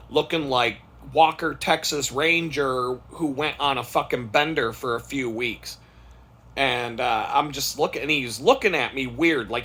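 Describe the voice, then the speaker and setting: Guy rambling thru a sweary work story, bright kinda highish voice. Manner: rambling, profane, with lots of restarts. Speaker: podcast host. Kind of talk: casual storytelling monologue.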